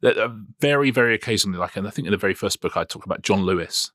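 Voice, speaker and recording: A man's voice: fairly low pitch, expressive, very fast, a bit bright, no echo, clean studio sound. A man co-hosting a podcast, telling wry, amused anecdotes in casual chat. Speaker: podcast co-host.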